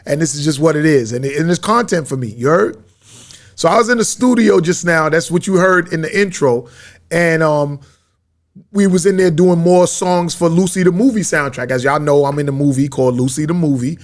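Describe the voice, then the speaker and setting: Speaking at a moderate pace in a slightly high voice, a man hosts his podcast from a media studio. He rambles through a story, leaning hard on street slang in a casual monologue.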